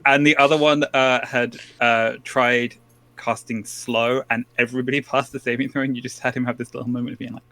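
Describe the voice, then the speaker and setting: A man's voice: mid-range voice, flat delivery, brisk, fairly bright tone, no echo. A man chatting after a tabletop game session, explaining rules in an upbeat way. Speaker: player. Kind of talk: post-session recap chat.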